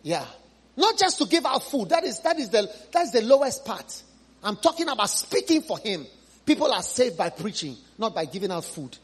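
A husky-voiced man preaching a fervent sermon in a high, lively register that leaps around. He repeats his lines for emphasis and swings between ringing cries and soft, pleading appeals to the people before him. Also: moderate pace. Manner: swings from loud high exclamations to low hushed appeals; repeats phrases for emphasis, pleading questions to the congregation. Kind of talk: impassioned sermon.

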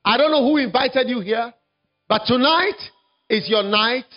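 A man preaching an evangelistic sermon, telling a story dramatically, swinging from hushed to shouting. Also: very high-pitched, unhurried, highs cut off, soft background music.

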